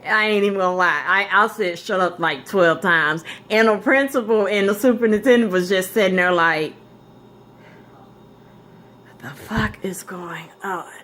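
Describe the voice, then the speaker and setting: A woman tells a personal story as a vlogger, blunt and animated, and punches her points with profanity. Her voice is bright and forceful, and her pitch sits mid-range for a woman. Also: moderate pace, few pauses. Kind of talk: casual storytime chat.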